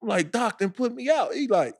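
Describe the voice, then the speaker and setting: A man, co-hosting a podcast and telling an animated story full of acted-out quotes. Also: very high-pitched, fairly quick. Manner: animated storyteller, acts out quotes, laughs a lot. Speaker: podcast co-host. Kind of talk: casual storytelling.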